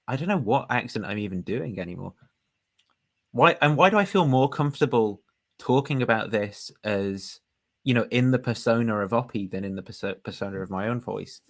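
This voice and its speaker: A man's voice: fairly low pitch, brisk, vocal fry. A man hosting a casual review of a recorded discussion, rambling and chatty as he comments. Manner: rambling, chatty, laughs at himself.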